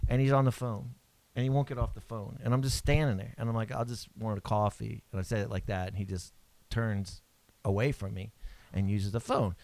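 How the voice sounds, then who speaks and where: A man co-hosting a casual chat, telling stories with lively bursts of shouting. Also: on the low side, a little fast, no room sound. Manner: animated storyteller, bursts into loud shouts. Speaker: co-host.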